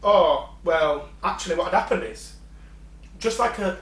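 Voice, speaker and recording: High-voiced man, distant and echoey. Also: lively intonation, a little slow, fairly bright tone. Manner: storytelling, swearing, acts out quotes. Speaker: podcast co-host. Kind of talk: casual chat. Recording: echoey room, set back from the mic.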